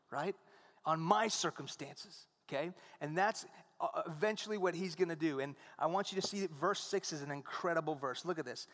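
High-voiced man preaching a sermon. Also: a little fast, fairly bright tone, in a large hall. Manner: conversational preaching, asks the congregation "right?". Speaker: pastor.

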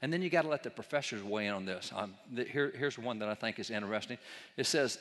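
A man's voice: mid-range voice, quick pace, fairly bright tone, big-room sound. A man giving an emphatic lecture with slides to an audience, asking rhetorical questions and mocking opposing views. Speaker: speaker on history.

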